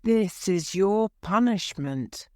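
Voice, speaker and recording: A bold masked swordsman from a storybook, confident and stern, as a woman reads him. The voice is smooth and clear, close to the mic. He speaks without hurry. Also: medium pitch, expressive, takes it slowly, mellow, no room sound, voice pushed up. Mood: commanding. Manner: confident, commanding.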